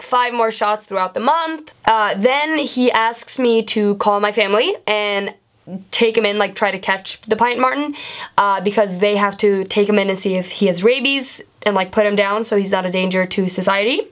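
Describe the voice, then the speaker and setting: A young adult woman telling an animated, sarcastic storytime vlog with lots of swearing. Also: on the high side. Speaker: vlogger.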